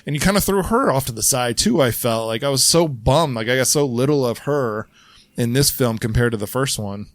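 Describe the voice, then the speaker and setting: A man co-hosting a casual podcast, talking in a relaxed, agreeable way. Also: mid-range voice, brisk, dry recording. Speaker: podcast co-host.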